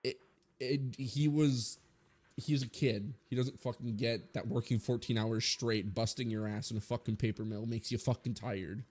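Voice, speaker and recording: A man's voice: mid-range voice, steady tone, normal speed, a little mellow, slightly rough. A man in his twenties giving a blunt, rambling opinion rant full of swearing, as a streamer talking to his viewers.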